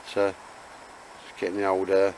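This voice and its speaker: A man's voice: low-pitched, monotone, moderate pace, darkish tone, slight background noise. A man chatting casually and jokily while camping in damp woods. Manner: chatty, jokey, laid-back. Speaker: vlogger. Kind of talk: casual outdoor chat.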